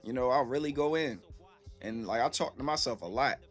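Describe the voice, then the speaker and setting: Man in his thirties, streamer, relaxed chatty talk, mid-pitched voice, soft music behind. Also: brisk. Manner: laid-back and reflective, heavy with "you know what I'm saying"; reads and answers chat. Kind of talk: casual live-stream chat. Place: at home.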